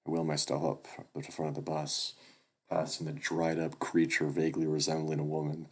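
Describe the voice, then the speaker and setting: A man's voice: rumbling low, completely flat delivery, brisk, husky. A man reading a visual novel aloud with wry, swearing asides. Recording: loud background music.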